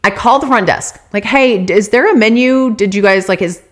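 A woman telling a story on her vlog in a casual, animated and exasperated way, swearing freely. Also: medium pitch, a little fast.

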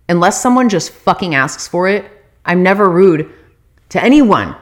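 A woman's voice: fairly low pitch, big pitch swings, unhurried. A woman telling her viewers a story in a casual, profane, exasperated rant.

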